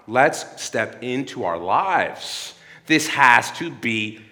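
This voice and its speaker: A man's voice: medium pitch, big pitch swings, takes it slowly, pushed and bright, in a large hall. A man in his thirties giving an earnest sermon-like talk at a church. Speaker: speaker at a church. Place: church hall.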